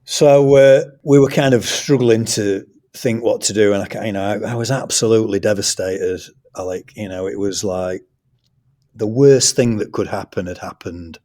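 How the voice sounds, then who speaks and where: A middle-aged man telling a personal story as a podcast guest, earnest and animated. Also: lowish voice, normal speed. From England. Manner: earnest, animated anecdote telling with quoted dialogue. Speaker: guest, school trust academic leader.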